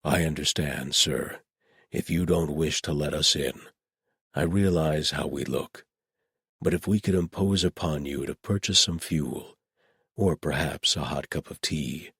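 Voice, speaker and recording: A man's voice: very deep voice, measured pace, fairly bright tone, breathy edge, dry recording, studio quality, exaggerated voice. A man voicing an earnest paladin who speaks with soothing, formal politeness.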